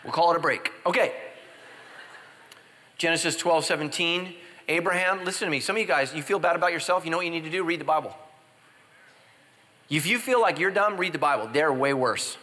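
A man preaching a humorous sermon as a pastor, telling stories and swinging from loud high exclamations to quiet confessional asides. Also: normal speed, long pauses, in a large hall. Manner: animated, jumps into loud high exclamations and drops to hushed confessions.

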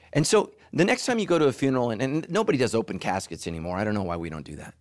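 A middle-aged man preaching a sermon as pastor, animated, who leaps into high mocking voices for asides. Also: racing, few pauses, dry recording, clean studio sound.

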